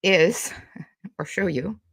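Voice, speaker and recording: A woman's voice: fairly low pitch, extremely slow, a bit bright, husky, dry recording. A woman hosting live-stream commentary, blunt and profane, talking with angry, sweary frustration. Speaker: YouTube commentary host.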